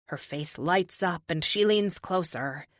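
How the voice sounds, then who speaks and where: A woman's voice: fairly low pitch, takes it slowly, no echo, studio quality. A woman reading a first-person audiobook with a wry, emotive delivery. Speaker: audiobook narrator.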